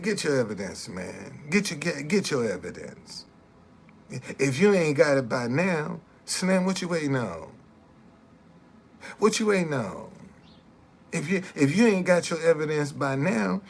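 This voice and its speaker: A man's voice: fairly high pitch, very animated, unhurried, gravelly, long pauses, slight background noise. A man, ranting on a casual live stream, repeating himself and heckling commenters. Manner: repeats phrases, heckles chat commenters, laughs loudly.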